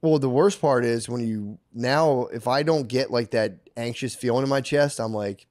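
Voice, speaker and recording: A man talks loosely on a podcast, rambling, cursing and acting out his own short outbursts. His pitch sits in a plain middle range. The mic is close and the room is dry. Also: moderate pace, darkish tone, no room sound. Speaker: podcast co-host. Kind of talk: casual chat.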